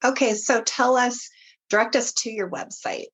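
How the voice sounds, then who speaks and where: A woman's voice: on the high side, normal speed, a bit bright, husky. A woman hosting a podcast interview, prompting her guest with encouraging questions. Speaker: podcast host.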